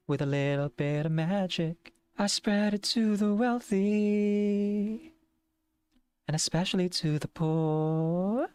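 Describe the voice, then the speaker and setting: A woman's voice: medium pitch, darkish tone, clear, resonant tone, dry recording, lightly acted. A woman voicing a jolly, mischievous Christmas ghost who sings in a bouncy, showy way.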